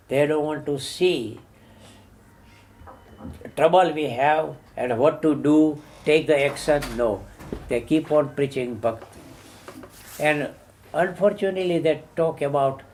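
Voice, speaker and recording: Older guy preaching hard, keeps repeating himself, voice sits a bit high. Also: darkish tone. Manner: emphatic, repeats words, rising sharply on questions. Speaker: Hindu activist. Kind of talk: impassioned talk.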